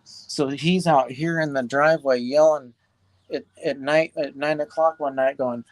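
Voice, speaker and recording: A man from California casually telling stories about his neighbors, animated and mimicking them in high voices, talking outdoors into a phone. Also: normal speed. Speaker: livestream guest. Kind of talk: casual storytelling chat.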